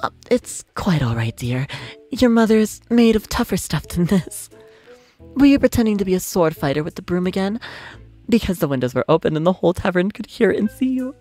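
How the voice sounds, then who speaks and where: A tiny, fond mother raven from a story game speaks in a soft, coaxing tone, lifted well above the man who puts her on, and who keeps it motherly and patient. She scolds gently and worries out loud. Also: high voice, very animated, brisk, soft background music, voice pushed up. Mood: gentle concern.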